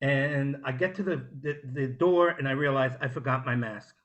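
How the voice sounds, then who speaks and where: A man doing a stand-up comedy set over a video call, dropping to hushed storytelling and then shouting the punchlines. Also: medium pitch, normal speed. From New Jersey, US.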